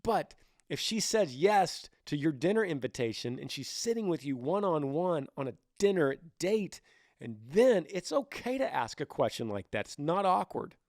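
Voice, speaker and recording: Lively male podcast host, dry close sound. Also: a little high, moderate pace, no echo. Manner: animated, acts out both sides of conversations. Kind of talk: casual advice podcast.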